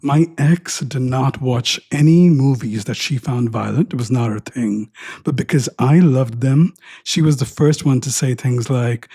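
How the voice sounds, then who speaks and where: A middle-aged podcast host from India talks through his memories in a rambling solo monologue. He cracks wry jokes and wanders off on tangents. His voice is mellow and low in brightness, with a slightly husky grain. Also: measured pace, no room sound, clean studio sound. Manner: wry, joking and prone to tangents. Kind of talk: reflective personal monologue.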